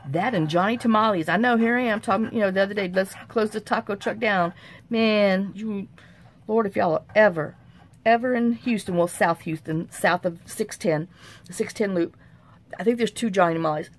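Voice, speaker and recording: A woman's voice: mid-range voice, moderate pace. A middle-aged woman, hosting a chatty crafting tutorial at her craft table and rambling off on folksy, self-mocking tangents.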